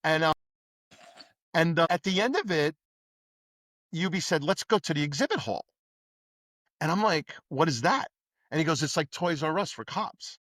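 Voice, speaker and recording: New man telling animated stories. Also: fairly high pitch, moderate pace, long pauses, no echo, studio quality. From New York. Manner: animated anecdotes with acted-out dialogue. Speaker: podcast guest, former police detective. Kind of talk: casual storytelling interview.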